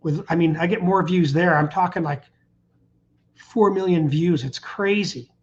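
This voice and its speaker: Speaking at a measured pace in a fairly high voice, a middle-aged channel host wanders cheerfully through casual livestream chat and reads comments from his audience. The recording has its high frequencies cut off.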